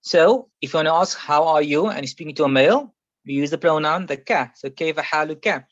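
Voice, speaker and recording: A man's voice: fairly high pitch, a little fast, no echo. A man teaching a classroom Arabic grammar lesson, patiently explaining and repeating each example several times. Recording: muffled, slightly lo-fi sound.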